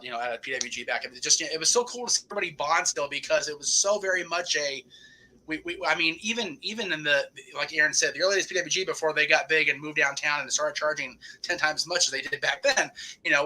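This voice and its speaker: A man's voice: on the high side, fast talker, bright, forceful tone, low-quality recording. A man hosting a casual chat, telling old stories with many restarts and fillers. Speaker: podcast host.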